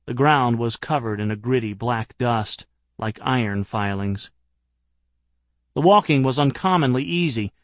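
A man's voice: mid-range voice, a little slow, no room sound. A man narrating an audiobook in a wry, dry-humored manner.

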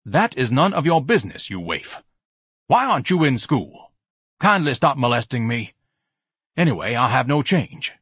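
A man's voice: medium pitch, very animated, normal speed, fairly bright tone, breathy edge, no echo, clean studio sound, pitched above the performer's own voice. A man voicing a pompous, fussy grown man who speaks in lofty, formal phrases. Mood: haughty. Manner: haughty, lofty, fussy diction, shrieks when upset.

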